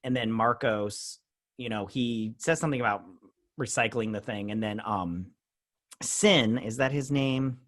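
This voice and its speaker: A man's voice: medium pitch, a little slow, fairly bright tone. A man in his thirties hosting a casual TV episode review, retelling scenes loosely and acting out characters' lines. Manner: loose recapping with fillers and acted-out quotes. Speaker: host.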